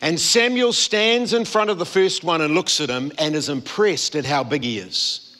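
A man's voice: a little high, moderate pace, bright, forceful tone. A man preaching a sermon, telling the story and acting out the quoted voices. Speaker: pastor. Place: church hall.

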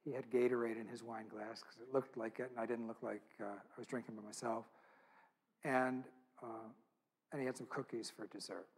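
A man's voice: medium pitch, flat delivery, normal speed, husky. A man speaking at a church event, telling an intimate, earnest story with quoted dialogue.

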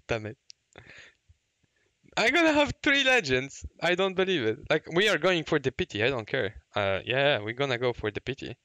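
A man, a gaming YouTuber reacting to game summons, shouting, laughing and cursing, then muttering low. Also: very animated, a little slow, clean tone, dry recording, clean studio sound.

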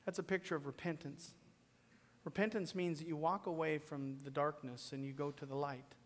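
A man preaching a sermon to his church, swinging from loud, pleading peaks down to a hushed whisper. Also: fairly high pitch, fairly even intonation, normal speed. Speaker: pastor. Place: church sanctuary. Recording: long reverb of a church hall.

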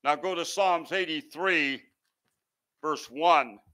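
A male pastor preaching an impassioned sermon that swells loud and sinks low, sometimes stumbling over words. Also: slow pace. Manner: impassioned, swells and drops in volume.

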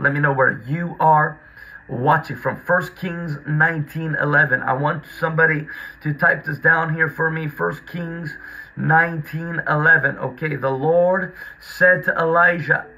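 Bright, gravelly-voiced male preacher. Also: a little high, steady tone, normal speed, low-quality recording. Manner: call-and-response exhortation, repetitive. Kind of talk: livestreamed sermon.

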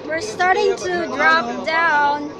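A young Filipino woman with a Filipino accent chatting excitedly and giggling through a casual travel vlog at an outdoor resort, filmed on a handheld camera. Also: very high-pitched, slow pace, over a noisy crowd. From Philippines. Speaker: vlogger. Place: outdoor resort, partly on a cable car. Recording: noisy outdoor recording.

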